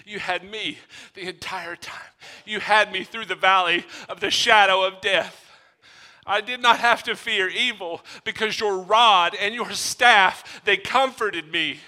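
Slow, sharp-voiced male preacher. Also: high voice. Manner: emphatic, with drawn-out repetition. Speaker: pastor. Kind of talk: sermon.

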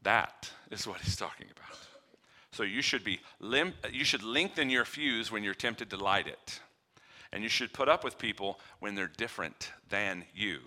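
A man preaching a sermon, shifting between quiet low passages and loud emphatic ones, acting out little dialogues with humor. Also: normal speed. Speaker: pastor.

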